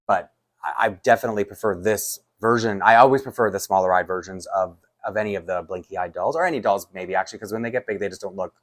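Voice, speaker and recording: Man, lowish voice, casual rambling vlog chat full of restarts and chuckles. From Canada. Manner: chatty, rambling, with frequent restarts and laughs. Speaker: doll collector vlogger.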